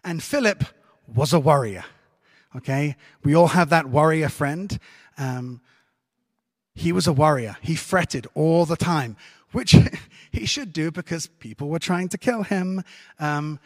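A male pastor delivers a sermon in a lively, conversational way, dropping joking asides to the congregation. His voice sits fairly high for a man. The sound carries a long church reverb around it. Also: unhurried.

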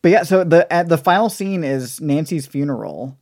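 A man's voice: a little high, animated, normal speed, darkish tone. A man co-hosting a podcast in casual chat, playful and campy, laughing often. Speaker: podcast co-host.

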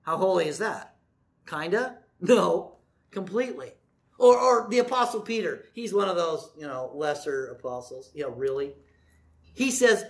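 A man's voice: sits high, animated, normal speed. A man in his sixties, a pastor preaching a sermon in a folksy, joking, conversational way. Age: 60s.

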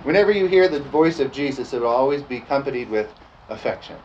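A man preaching a lively sermon, often calling out "amen?" and joking with the congregation. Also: mid-range voice, fast. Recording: dull lo-fi sound with faint background noise.

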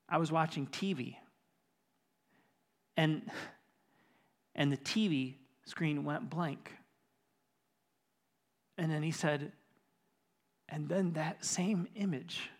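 Earnest pastor man, slightly high voice. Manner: retells a conversation, voice dropping to a hush then rising intense. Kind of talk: sermon storytelling. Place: church.

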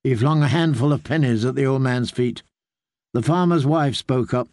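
A man reads an audiobook aloud in a calm, even, measured delivery at medium pitch. It's a clean studio recording without any room sound.

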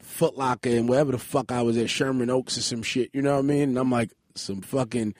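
A man's voice: medium pitch, steady tone, fast talker, a little mellow, no room sound, clean studio sound. A man hosting a podcast in casual chat, acting out quotes with big swings in his voice. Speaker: podcast host.

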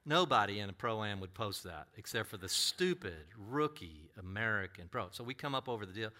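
A middle-aged man preaching, who tells a personal story with animated delivery and acts out other voices. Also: on the low side, normal speed. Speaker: pastor.

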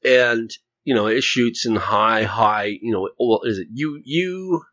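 A man's voice: mid-range voice, a little slow, a bit bright, no room sound. A man hosting a casual podcast, joking and rambling as he tells stories. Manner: jokey, rambling, puts on voices. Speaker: podcast host. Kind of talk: casual chat. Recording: dull, dry lo-fi sound.

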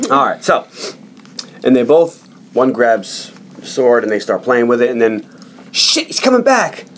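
A man's voice: mid-range voice, a little slow, long pauses, a little hiss or hum. A man hosting a podcast, retelling a movie in casual chat and acting out the quotes. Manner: animated storyteller, acts out quotes. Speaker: podcast host.

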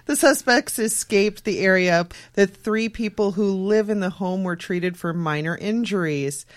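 A woman's voice: mid-range voice, a little slow. A woman co-hosting a podcast, reading out strange news stories with wry jokes between them. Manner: reads stories, breaks into giggles and wry jokes. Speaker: podcast co-host.

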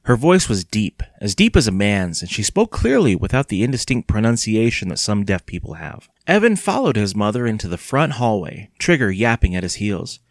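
A man narrating a children's story aloud with expressive storytelling. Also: lowish voice, moderate pace, few pauses, no echo, clean studio sound. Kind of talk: audiobook narration.

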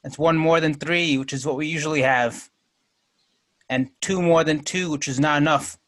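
A man's voice: fairly high pitch, steady tone, normal speed, fairly bright tone. Guy hosting a podcast w/ his buddies, jokey, laughs a lot. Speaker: podcast host and moderator. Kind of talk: casual group podcast chat.

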